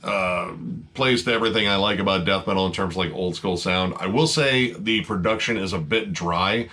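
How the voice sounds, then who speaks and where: A man's voice: deep voice, sharp tone. A man casually reviewing metal records, talking loosely with lots of fillers and cheerful swearing. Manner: laid-back, filler-heavy, swears freely, enthusiastic.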